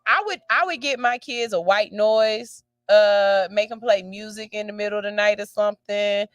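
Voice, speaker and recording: A woman's voice: mid-range voice, normal speed, no room sound, dull audio. A woman radio host reads out a listener's letter and gives a blunt, sassy, profane verdict with theatrical outbursts.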